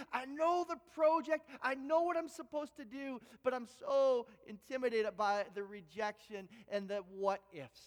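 A middle-aged male pastor from Canada preaching a sermon to his church, telling stories with lively energy and stumbling over repeated words. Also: extremely high pitch, in a large hall. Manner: animated storytelling with frequent repeated words. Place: church sanctuary.

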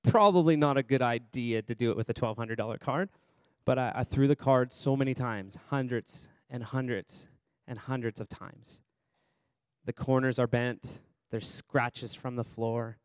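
A little slow, with a darkish, clear, resonant mid-range voice, a man preaches as pastor during a church service. There's no room sound. He talks in a chatty way, questioning people in the congregation by name and repeating lines for emphasis.

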